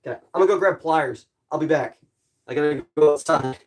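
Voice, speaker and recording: Tinkering with a gadget in her bedroom, a young female streamer talks casually and mutters under her breath. She speaks briskly in a deep, darkish voice.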